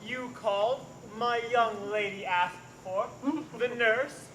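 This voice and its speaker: A man playing a flustered young servant announcing in a hurried, urgent way, in outdoor Shakespeare stage acting. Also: high voice, fairly even intonation, a bit bright, reverberant, slight background noise.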